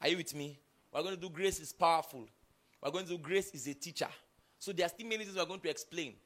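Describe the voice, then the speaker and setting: A man preaching a sermon, emphatic and often checking in with the congregation, rising to loud bursts and dropping low again. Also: fast. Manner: builds to loud bursts, then drops low and quiet.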